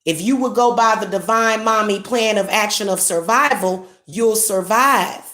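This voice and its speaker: A woman's voice: mid-range voice, unhurried, fairly bright tone, reverberant. A woman speaking as a spiritual reader, preaching and scolding in a repetitive, indignant way with stumbling restarts. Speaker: spiritual reader and livestream host. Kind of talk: casual livestream monologue.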